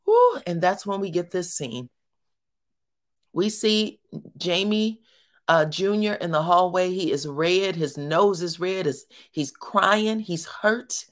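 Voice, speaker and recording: A woman's voice: on the low side, animated, slow. A woman giving a casual, colloquial recap of a reality show, talking straight to her viewers. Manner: chatty, colloquial, addresses viewers as y'all. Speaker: reality TV commentator.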